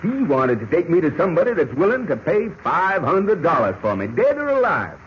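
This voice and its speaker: A folksy cowboy codger, western drawl, lively up-and-down voice, dull hissy old radio sound. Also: male voice, fairly high pitch, fairly quick. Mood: defiant. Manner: Western drawl with rustic slang. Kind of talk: 1940s radio acting.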